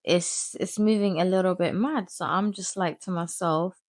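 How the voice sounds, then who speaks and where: A young woman telling her life story in a candid, animated vlog, full of slang and crude asides. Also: lowish voice, normal speed, no echo, clean studio sound. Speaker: vlogger.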